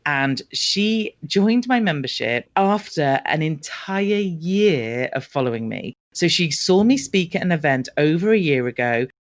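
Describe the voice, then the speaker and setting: A woman, a marketing expert guest, talking casually and acting out example conversations as she explains. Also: low voice. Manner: lively storytelling, acts out conversations. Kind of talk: casual interview talk. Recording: dull lo-fi audio.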